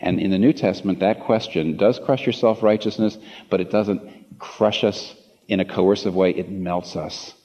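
A man's voice: sits low, steady tone, normal speed, mellow. A man preaching a sermon with passion, rising into emphatic rhetorical questions, in a large church. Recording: dull reverberant hall recording.

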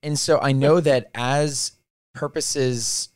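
A man's voice: medium pitch, fairly even intonation, takes it slowly, dry recording, studio quality. A young man co-hosting a casual faith podcast, talking in a laid-back, playful and reflective way. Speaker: podcast co-host.

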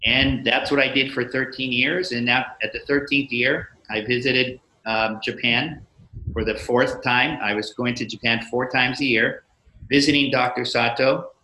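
A man in his sixties, from the United States, telling a story as an interview guest in a measured way, with frequent pauses and fillers. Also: medium pitch, fairly even intonation, sharp tone, reverberant, poor audio.

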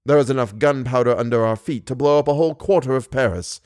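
A man voicing a coldly deliberate masked menace. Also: medium pitch, darkish tone, no room sound, clean studio sound, close to an everyday voice. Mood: coldly menacing. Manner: slow, deliberate, icily composed. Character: cold, menacing masked male genius, calm.

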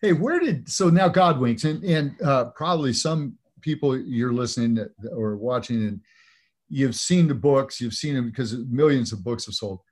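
A man hosting an interview, asking questions in a halting, enthusiastic way with many restarts. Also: medium pitch, lively intonation. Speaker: host.

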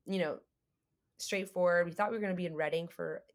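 A woman guest on a faith podcast, telling a story in an animated way and acting out the dialogue. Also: fairly low pitch, brisk. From United States. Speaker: guest, creative entrepreneur.

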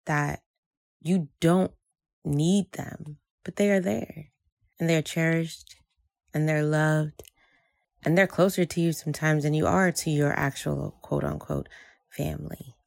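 Woman, very low voice, dry close sound, reflective personal storytelling, from Jersey City. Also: steady tone, measured pace, vocal fry, a little mellow, no room sound. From Jersey City, United States. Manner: reflective, with repeated phrases.

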